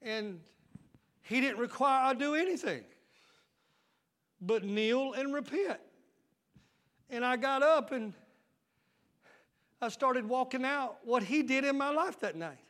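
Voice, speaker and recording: A man's voice: very high voice, expressive, slow pace, pauses often. A male pastor preaching a fervent sermon, calling out to the congregation in folksy, colloquial phrasing. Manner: shouting, fervent preaching with call-and-response.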